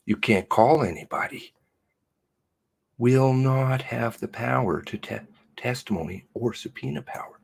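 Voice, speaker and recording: A man hosting his own channel, reading out a news release in a furious, swearing rant that swings from shouts to hushed mutters. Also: mid-range voice, measured pace, gravelly, breathy edge. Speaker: channel host.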